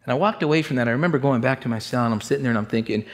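A man's voice: mid-range voice, racing. Man giving an emotional testimony. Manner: candid, streetwise, emotional storytelling. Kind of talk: personal testimony to a congregation.

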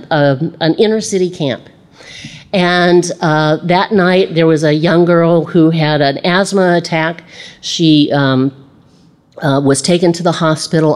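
A woman's voice: on the low side, a little mellow. A middle-aged woman teaching a casual Bible lesson, chatty, laughing easily and acting out the voices she quotes.

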